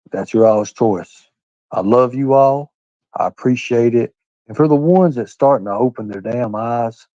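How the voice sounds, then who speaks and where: A man holds forth on his own livestream, blunt and profane, leaning on folksy phrases and preaching between the curses. His voice is dark and mellow. The sound is dry and a bit dull, like a lo-fi home stream. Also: mid-range voice, no echo. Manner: folksy Southern-style phrasing with "by God" and "ain't". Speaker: livestream host. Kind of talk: heated livestream rant.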